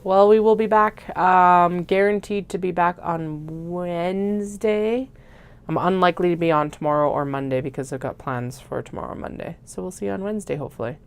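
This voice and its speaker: A woman hosting a craft livestream, chatting casually and muttering soft half-whispered asides to herself while she cuts fabric. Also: fairly low pitch, clear, resonant tone.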